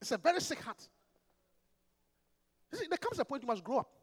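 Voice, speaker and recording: A man, a pastor preaching an emphatic, animated sermon full of rhetorical questions. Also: very high-pitched, fairly quick, long reverb tail.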